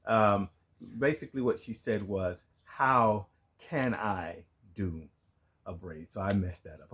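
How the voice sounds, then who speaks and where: Playful middle-aged man, husky voice. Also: on the low side, slow pace, fairly bright tone. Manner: playful, laughing, stumbling over Italian words. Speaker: vlog host, learner quizzed in Italian. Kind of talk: casual family chat.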